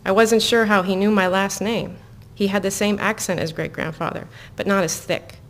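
A woman author reads her novel aloud in an even, measured way. Between passages she slips into loose, chatty asides full of ums, her voice at a middling pitch. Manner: even, measured reading; casual, filler-laden asides. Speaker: author reading her own book. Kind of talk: live book reading with chatty asides.

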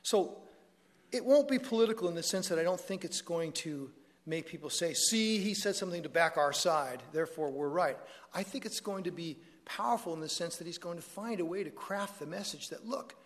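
In a lecture hall, a man with a high, expressive voice speaks at normal speed to an audience, his public talk conversational and dotted with joking asides and self-corrections. The large hall gives the recording a long reverb.

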